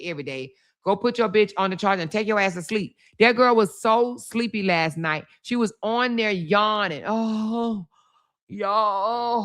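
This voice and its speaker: A woman's voice: mid-range voice, fairly bright tone. A woman hosting a livestream in a casual commentary style, blunt, profane and mocking, often repeating words for emphasis.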